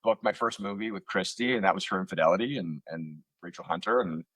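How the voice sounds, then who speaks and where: A low-voiced man with a husky grain speaks over a computer call from a room at home. He tells rambling, self-mocking stories about starting out as an actor and keeps them loose with plenty of fillers. The sound is close and dry, with no room around it. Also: quick pace, fairly bright tone, dry recording. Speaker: actor guest. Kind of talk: casual interview storytelling. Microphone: computer on video call.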